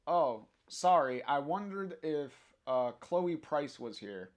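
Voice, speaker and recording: A man's voice: on the high side, lively intonation, takes it slowly. A man voicing a friendly young woman drummer, reading her lines plainly with fillers.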